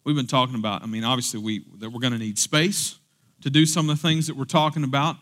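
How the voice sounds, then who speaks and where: A man's voice: medium pitch, fairly even intonation, quick pace, a bit bright. A male pastor preaching a sermon in a church, talking casually and then building to emphatic, raised peaks.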